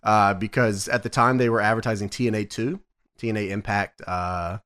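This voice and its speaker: Young dude cohosting a podcast, lots of uh and like, casual rambly talk. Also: male voice, on the low side, fairly even intonation, fairly quick, a bit bright, smooth. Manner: rambling, filler-heavy, swearing. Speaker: podcast co-host. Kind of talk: casual chat.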